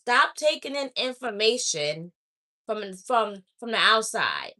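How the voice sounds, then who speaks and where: A woman's voice: on the high side, sing-song, takes it slowly, bright, forceful tone. A woman speaking straight to her viewers as an oracle reader, blunt and preachy, scolding them and repeating her points. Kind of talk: direct-to-camera spiritual message.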